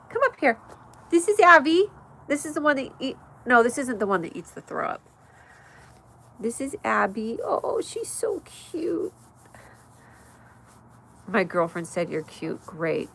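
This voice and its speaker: Chatty woman hosting a livestream. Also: on the high side. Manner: chatty and rambling, reads chat aloud, frequent laughs and excited shouts. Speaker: livestream host. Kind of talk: casual livestream chat. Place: her mother's house at night, indoors.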